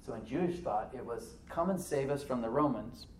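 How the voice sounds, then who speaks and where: A man preaching a sermon as pastor, animated, with rhetorical questions and soft asides to the congregation. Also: medium pitch, normal speed, roomy sound, far from the mic, a little hiss or hum, poor audio. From United States.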